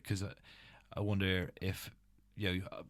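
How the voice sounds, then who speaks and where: A man hosting an interview, asking questions in a gentle, hesitant way. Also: sits low, little pitch movement, normal speed, dry recording. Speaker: podcast host. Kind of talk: interview conversation.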